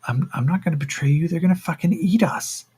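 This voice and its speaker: A man voicing a frightened captive farmer who talks in a hushed, frantic rush and swears a lot. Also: a little high, fast, breathy edge, voice pushed up. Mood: scared, hushed. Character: frightened male human farmer, captive, panicky.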